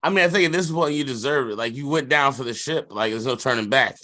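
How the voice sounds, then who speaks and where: A man's voice: medium pitch, fast, bright, forceful tone. Rambling, laughing podcast co-host man. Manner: rambling, laughing, filler-heavy slangy talk. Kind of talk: casual chat.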